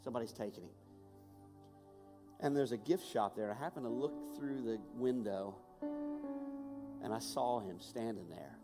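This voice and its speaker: A man preaching a sermon and telling a personal story, swinging between hushed and raised voice with passion. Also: mid-range voice, unhurried. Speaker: pastor. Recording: long hall reverb with music behind.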